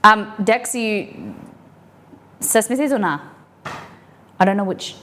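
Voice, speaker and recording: A woman's voice: medium pitch, lively intonation, takes it slowly, fairly bright tone. A young adult woman chatting casually while cooking on a live stream from her home kitchen, playful and rambling with giggly asides.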